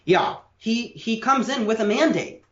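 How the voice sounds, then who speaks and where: A man's voice: sits high, expressive, unhurried, echoey room, dull audio, crowd noise. A man co-hosting a podcast, explaining political history in detail with a lecturing, casual manner and frequent restarts.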